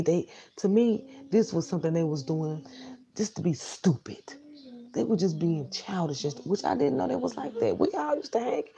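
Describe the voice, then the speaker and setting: A woman's voice: deep voice, gravelly, mellow, muffled recording. A woman telling a personal story casually, in a blunt, emphatic, profane way.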